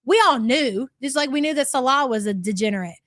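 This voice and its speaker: A woman's voice: high-pitched, expressive, a little fast, fairly bright tone, no room sound, studio quality. A woman hosting a livestream, reacting to clips with blunt, profane commentary and reading out super chats. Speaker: commentary channel host.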